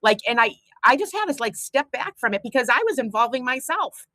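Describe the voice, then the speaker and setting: A woman's voice: on the high side, lively intonation, a little fast, sharp tone, no echo, poor audio. A woman, chatting bluntly and telling stories as a show host. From Boston. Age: 50s. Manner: chatty storyteller, blunt and profane. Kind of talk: casual chat on a livestream.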